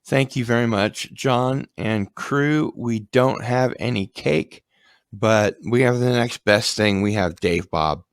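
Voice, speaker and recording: A man's voice: medium pitch, takes it slowly, clear, resonant tone, dry recording. A man hosting a casual livestream chat, rambling with ums and restarts. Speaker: livestream host.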